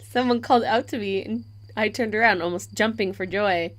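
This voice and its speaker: A woman's voice: medium pitch, normal speed. A woman playing a visual novel, reading its text aloud and breaking off to comment with giggles.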